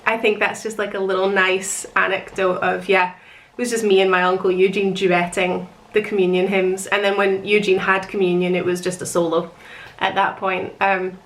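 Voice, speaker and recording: A woman's voice: mid-range voice, level tone, normal speed. A young woman telling a long, rambling personal story in a chatty, emotional way, often laughing. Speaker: author recounting her wedding.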